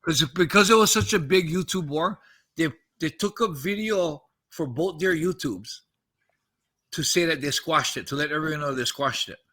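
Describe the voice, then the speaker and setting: A man's voice: a little high, normal speed, sharp tone. A man in his fifties on a podcast, casually recounting a story, acting out the quoted dialogue and swearing freely.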